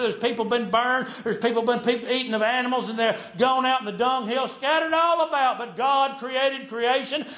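A man preaching a sermon with fervent delivery, his voice swinging widely between high and low and between loud and soft. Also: echoey room.

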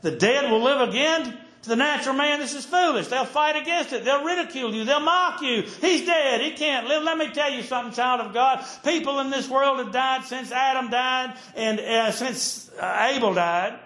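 A fervent male preacher with a high-pitched voice, rising and dropping sharply in pitch and loudness as he drives his sermon home. His voice rings through an echoey room. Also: moderate pace, few pauses.

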